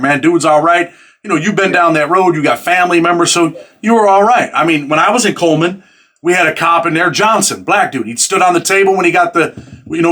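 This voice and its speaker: Man, interview host, former prisoner, street-casual talk, fairly high bright voice.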